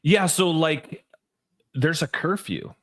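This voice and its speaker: Speaking slowly with a fairly high-pitched voice, a male podcast co-host spins animated stories in loose conversation. His talk is full of "like" and restarted phrases.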